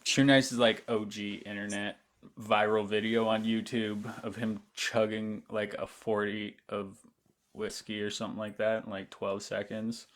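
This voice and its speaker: A man with a fairly low voice hosts a relaxed livestream chat. He talks loosely and profanely and fills his sentences with "like". Delivery stays casual and conversational. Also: a little slow. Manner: loose, profane storytelling with lots of "like". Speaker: livestream host.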